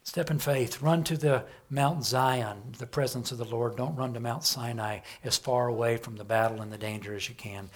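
A man's voice: mid-range voice, slightly rough. A man preaching a sermon in an emphatic style, often asking his listeners questions.

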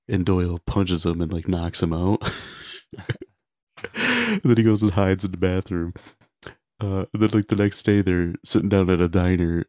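A man's voice: low voice, darkish tone, no room sound, clean studio sound. A man co-hosting a podcast, casually retelling movie scenes in a rambling way with lots of filler words. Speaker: podcast co-host.

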